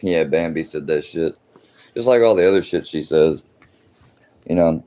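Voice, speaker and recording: A man's voice: rumbling low, normal speed, long pauses, warm tone. A man hosting a livestream, ranting in a casual, profane, exasperated way and rambling as he talks to his chat. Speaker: livestream host.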